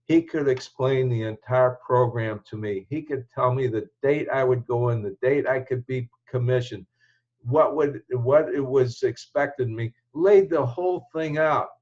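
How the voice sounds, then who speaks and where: A man's voice: mid-range voice, measured pace, a little mellow, dull audio. Older man telling a reflective life story. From United States. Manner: reflective, rambling, with restarts and chuckles. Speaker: show host telling his life story. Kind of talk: casual personal storytelling.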